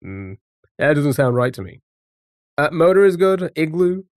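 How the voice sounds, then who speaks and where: A man's voice: on the high side, big pitch swings, normal speed, darkish tone, dry recording. Chatty male streamer, dry close sound. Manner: greets chatters by name, chatty and playful. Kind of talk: casual live-stream chat while playing a word game.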